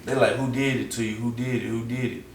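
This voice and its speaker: A young man with a Southern US accent, telling a story casually as an interview guest, animated and full of slang, acting out the quotes. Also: medium pitch, quick pace, distant mic. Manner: animated, acts out quotes, heavy slang and profanity. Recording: roomy echo, off-mic, faint background noise.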